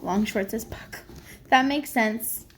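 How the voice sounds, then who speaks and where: Chatty woman, slightly high voice. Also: unhurried, slight background noise. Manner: chatty, rambling, many fillers. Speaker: psychic medium. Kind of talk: casual spirit reading on camera.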